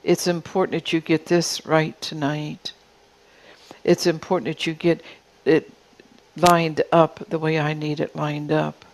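A woman's voice: deep voice, level tone, measured pace, low-quality recording. A woman preacher delivering a prophetic sermon in God's voice, pressing her listeners with repeated questions. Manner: insistent repeated rhetorical questions.

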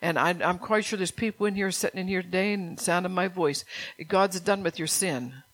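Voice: medium pitch, a little fast, a bit bright. A pastor preaching a stern, urgent sermon, repeating phrases and firing rhetorical questions at the congregation.

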